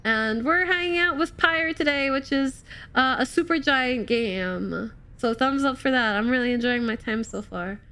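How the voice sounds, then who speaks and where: A woman streaming a game, chatting casually and excitedly with her viewers while slightly ill and coughing. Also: high-pitched, normal speed, clear, resonant tone. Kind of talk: casual live-stream chat while playing.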